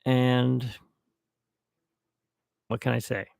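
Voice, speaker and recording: A man's voice: medium pitch, flat delivery, extremely slow, vocal fry, darkish tone, no echo, clean studio sound. A middle-aged man hosting a solo podcast toast, rambling and reminiscing at his own pace. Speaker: podcast host. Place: at home, alone.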